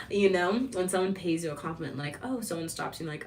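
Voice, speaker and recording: A woman chatting casually on a livestream vlog, animated, laughing often, and acting out quoted lines. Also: mid-range voice, moderate pace, distant mic. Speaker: lifestyle vlogger.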